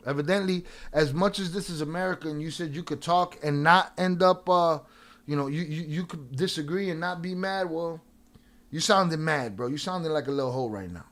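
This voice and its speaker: Profane, combative male livestream host. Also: fairly high pitch. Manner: profane, confrontational, trash-talking viewers. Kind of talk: heated livestream chat.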